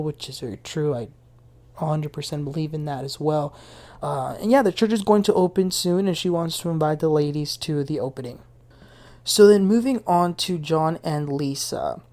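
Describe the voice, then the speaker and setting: A woman's voice: sits low, warm tone. A woman hosting a casual reality TV recap, retelling scenes in a chatty way with her own opinions and asides. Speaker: TV recap host.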